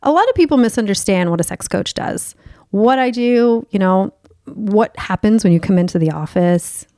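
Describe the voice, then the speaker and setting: A woman's voice: medium pitch, animated, moderate pace, mellow, no room sound, clean studio sound. Bubbly, profane woman hosting. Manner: bubbly, playful and openly profane. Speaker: podcast host and sex coach. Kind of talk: candid podcast chat.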